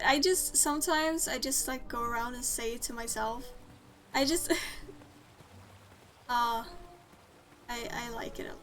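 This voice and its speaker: A woman's voice: fairly high pitch, steady tone, slow, long pauses, a bit bright. A woman streamer chatting casually and giggling as she plays a game, rambling with enthusiasm. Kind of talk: casual let's-play commentary. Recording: voice over game music.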